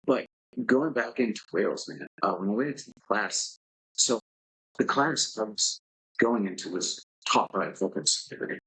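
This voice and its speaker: A man's voice: fairly low pitch, lively intonation, moderate pace, sharp tone, breathy edge, low-quality recording. A man guesting on a podcast, telling a candid, rambling story and swearing casually. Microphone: podcast microphone.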